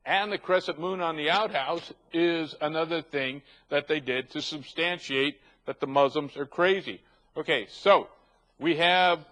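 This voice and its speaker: A man's voice: a little high, a bit bright, low-quality recording. A man hosting a talk show, delivering emphatic, ranting commentary and stacking long lists.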